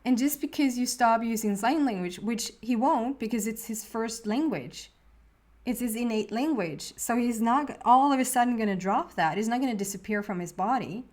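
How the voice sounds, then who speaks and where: A woman's voice: a little high, moderate pace, darkish tone. Rambling woman giving a tarot reading. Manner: rambling, filler-heavy, many restarts; earnest and openly emotional. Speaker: tarot reader. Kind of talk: casual tarot reading to camera.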